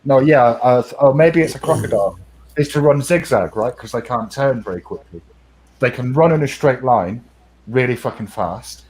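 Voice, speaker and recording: A man's voice: mid-range voice, animated, normal speed, a little mellow, slight background noise, poor audio. A man with a New Hampshire accent hosting a casual stream, rambling and laughing at himself. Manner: rambling, self-deprecating, laughs often. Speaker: stream host. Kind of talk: casual chat.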